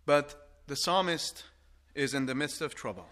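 An older man preaching a sermon, earnest and halting at times, rising into forceful appeals with repeated questions. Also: medium pitch, lively intonation. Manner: halting restarts and stammers.

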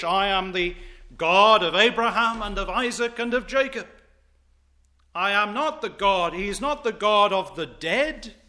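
A man's voice: a little high, sharp tone. A man preaching an expository sermon, using rhetorical questions and old-fashioned, formal phrasing.

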